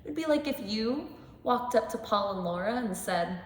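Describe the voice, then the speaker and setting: Lively young woman teaching kids in a reverberant church. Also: on the high side, normal speed. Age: 20s. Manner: animated storytelling to children. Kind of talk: children's Bible lesson. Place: church sanctuary.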